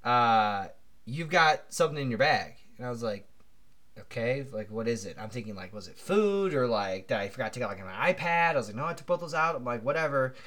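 A man co-hosting a podcast, telling a long anecdote in an animated, rambling way full of fillers. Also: medium pitch, a little fast. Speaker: podcast co-host. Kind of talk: casual storytelling chat.

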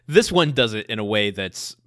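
A man's voice: fairly low pitch, animated, normal speed, no room sound, clean studio sound. A man co-hosting a TV rewatch podcast, chatting casually, laughing often and swearing freely. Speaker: podcast co-host.

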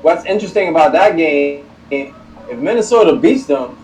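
A man co-hosting a sports podcast in casual chat, chiming in with quick agreements. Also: fairly high pitch, roomy sound, soft background music. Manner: quick agreeing interjections, lively. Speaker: podcast co-host. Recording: distant from the mic.

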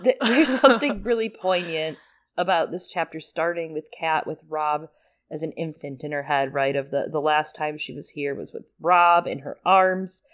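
A woman's voice: low-pitched, moderate pace. A woman co-hosting a casual book podcast, summarizing chapters with swearing and frequent laughter. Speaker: podcast co-host.

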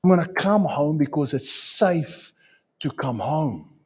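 A man preaching a sermon as a pastor, with dramatic swings in pitch and loudness. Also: animated, slow, breathy edge.

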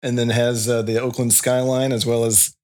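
A young man guesting on a podcast, laid-back and rambling as he tells a story. His pitch sits in the middle range. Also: level tone, normal speed, a little mellow. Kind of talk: casual podcast chat.

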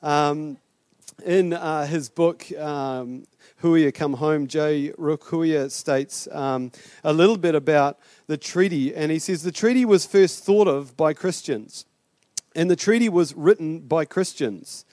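A man's voice: fairly high pitch, takes it slowly, a little mellow, no room sound, studio quality. A middle-aged man with a New Zealand accent preaching a sermon as pastor, chatty and rambling with fillers and restarts.

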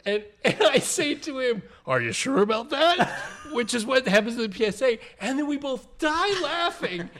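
A middle-aged man's voice sits high and swoops all over the place as he talks. He tells a meandering anecdote in a loose, chatty podcast way, doubling back to fix details mid-sentence. A faint hiss of noise sits under the recording. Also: animated, moderate pace, a bit bright. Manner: rambling, self-correcting storyteller. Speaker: podcast co-host and trivia player. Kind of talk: casual chat, anecdote telling.

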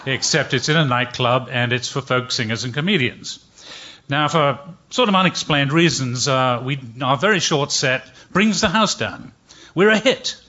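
Bright-voiced man telling a story on stage. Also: medium pitch, normal speed, lo-fi sound, a little hiss or hum. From England. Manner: chatty, hesitant with many ums.

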